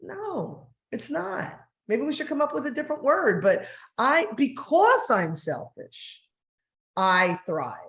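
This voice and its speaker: A woman in her forties from New Jersey, a guest author in a casual interview, animated and laughing with quick asides. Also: a little high.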